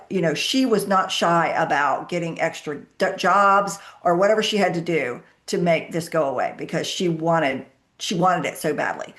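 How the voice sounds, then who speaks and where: A middle-aged woman, a guest on a business podcast, answering questions with candid personal stories and acting out what people said. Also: lowish voice. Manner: candid storytelling, acts out her own quoted dialogue. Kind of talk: conversational interview answers.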